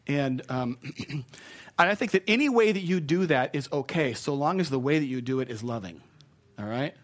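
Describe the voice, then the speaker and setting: A man's voice: mid-range voice, expressive, normal speed. Chatty self-deprecating male preacher. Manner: conversational, self-deprecating, repeats key phrases. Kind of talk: sermon.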